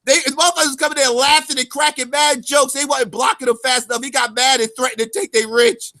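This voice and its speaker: Male vlog commentator with a strikingly high voice, cursing constantly and talking straight to his viewers as family. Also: fairly even intonation, fairly quick. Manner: swings between loud outbursts and low mutters. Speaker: YouTube commentator. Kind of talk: profane storytelling commentary.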